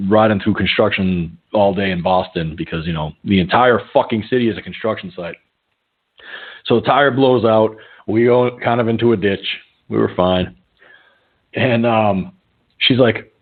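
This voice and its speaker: A middle-aged man hosting a call-in show, telling a long, rambling story in a casual, profane way with plenty of fillers. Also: on the low side. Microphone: phone. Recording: tinny phone line.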